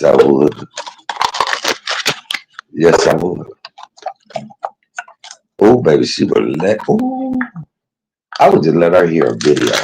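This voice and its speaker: Deep gravelly dude streaming from his hospital room on his phone, rambling, heartfelt, keeps talking to chat. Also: background noise. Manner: rambling, heartfelt, keeps addressing viewers as y'all. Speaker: livestreamer. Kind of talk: casual emotional livestream chat.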